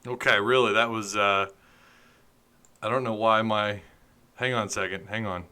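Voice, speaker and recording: A man's voice: lowish voice, fairly even intonation, moderate pace, sharp tone, clear, resonant tone. A man hosting a sports podcast livestream, chatty and joking while he fumbles with his setup. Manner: joking, chatty, flustered by tech trouble. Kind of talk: casual livestream chat.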